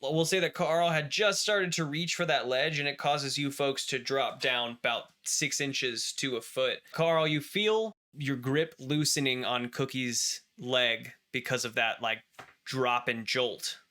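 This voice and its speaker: A man narrating as game master for a tabletop role-playing game. His voice is bright and crisp, and he talks in lively bursts, often restarting his sentences as he describes the scene to the players. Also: medium pitch, a little slow.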